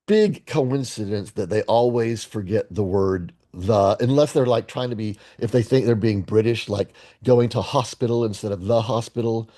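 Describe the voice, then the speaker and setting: A man's voice: fairly low pitch, moderate pace, hardly any pauses, dark tone. A man hosting his daily movie guessing game video, talking casually with rambling, profane sarcasm and stammered restarts. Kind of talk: casual solo commentary.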